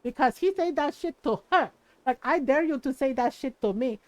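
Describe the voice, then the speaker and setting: A woman's voice: sits high, animated, normal speed, darkish tone, no room sound. A woman putting on a stern mother, scolding bluntly. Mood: indignant. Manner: blunt, scolding, broken grammar. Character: stern Filipino mother scolding her grown son.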